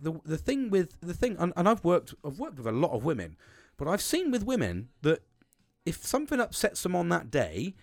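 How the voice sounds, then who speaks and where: Sweary blunt man, lively pitch. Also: dry recording. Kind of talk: frank casual monologue.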